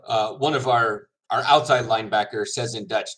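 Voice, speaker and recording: A man's voice: fairly low pitch, moderate pace, fairly bright tone, rough recording. A man, a semi-pro linebacker, chatting casually to viewers, rambling, laughing often and correcting himself, with his mouth full.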